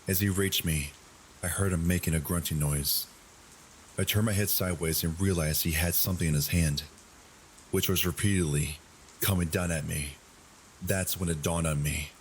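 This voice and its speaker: A very deep-voiced man reads a true horror story in a measured, unhurried manner. Faint rain falls steadily in the background, adding a quiet nighttime hush. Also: a little hiss or hum, rough recording. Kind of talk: scripted narration of a true scary story. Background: soft rain sounds.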